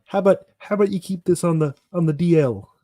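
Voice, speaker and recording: A man putting on the nasal, raspy voice of a nervous male frog puppet. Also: high voice, fast, mellow, no room sound, clean studio sound. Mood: shifty nervous.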